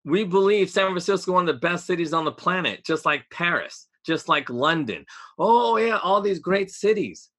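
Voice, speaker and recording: A man's voice: high-pitched, expressive, moderate pace, a bit bright. A man in casual podcast chat, opinionated and ranting, with sarcastic asides.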